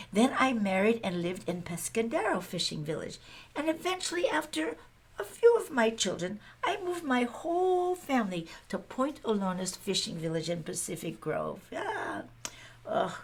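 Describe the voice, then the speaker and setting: A woman storyteller playing a plainspoken Chinese American pioneer woman with a Chinese accent, breathy and quick to laugh, chatting straight to her audience. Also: mid-range voice, heavily acted. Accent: Chinese-accented English. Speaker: storyteller in character. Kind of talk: first-person historical character monologue.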